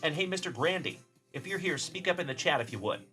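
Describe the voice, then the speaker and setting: A man's voice: fairly high pitch, animated, fast, faint music behind. A man from Texas hosting a live card-opening stream, chatting casually and cheerfully calling out viewers by name. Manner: upbeat, shouting out chat viewers by name. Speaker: card-breaking livestream host.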